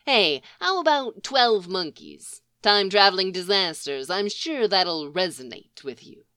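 A woman voicing a sly, dry man, a thief who teases mildly with a slow drawl in a storybook reading. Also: mid-range voice, very animated, sharp tone, clear, resonant tone, no echo, exaggerated voice. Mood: teasing. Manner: drawling, mild, teasing.

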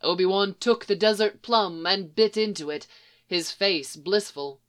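A narrator reading a story aloud in a soft, measured way. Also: mid-range voice, smooth. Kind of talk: audiobook reading of fan fiction.

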